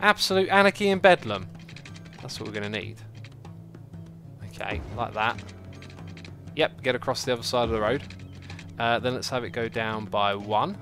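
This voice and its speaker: A man giving casual, chatty livestream commentary while building a city in a game, reacting out loud to it and answering chat. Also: medium pitch, expressive, creaky. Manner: chatty, talks to the game and to chat, quick exclamations. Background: faint background music.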